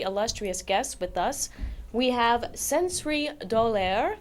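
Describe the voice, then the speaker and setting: A woman hosting a satirical community TV talk show, introducing guests in a bright, mock-earnest tone. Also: on the high side, lively intonation, slow, slight background noise. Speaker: host. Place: community TV studio.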